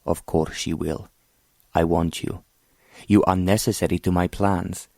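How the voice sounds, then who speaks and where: A scheming prince, arrogant and cold, sneering at his captive in a very deep, low voice, as a man reads him. The delivery is mocking and condescending, recorded close and dry. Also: fairly even intonation, unhurried, creaky, darkish tone, no echo, exaggerated voice.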